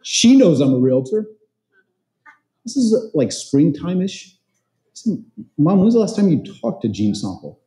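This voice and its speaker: A man's voice: fairly high pitch, sing-song, a little slow, pauses often, mellow. A man giving a motivational talk at a conference, chatting with the audience and telling stories. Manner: conversational, quizzes the crowd, tells stories. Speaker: conference speaker and real estate trainer. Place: large event hall. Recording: roomy echo of an event hall.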